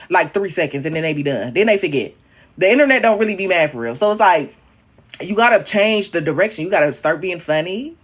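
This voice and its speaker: Blunt, animated young man livestreaming. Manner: frank, profane, animated, with sudden swings up and down in pitch and loudness; talks directly to viewers, calling them honey, babe and queen. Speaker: livestreaming social media creator. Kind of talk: casual livestream chat.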